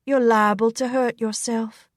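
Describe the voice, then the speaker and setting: A woman's voice: a little high, steady tone, a little slow, no room sound, clean studio sound, pitched above the performer's own voice, natural voice. A woman voicing a poised young Southern woman who teases in an easy, silky drawl. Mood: teasing. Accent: American Southern.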